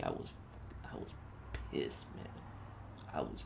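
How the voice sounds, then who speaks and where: A man with a bass voice and vocal fry hosts a podcast, slowly telling a personal story in a casual, profane way full of street slang. His retelling is animated, and there's heavy background noise.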